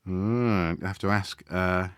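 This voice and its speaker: A man chatting casually to viewers as he draws on a live stream, relaxed and thinking aloud, often trailing off mid-sentence. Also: sits low, unhurried, smooth, no echo, clean studio sound. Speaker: art streamer. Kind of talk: casual chat while drawing live.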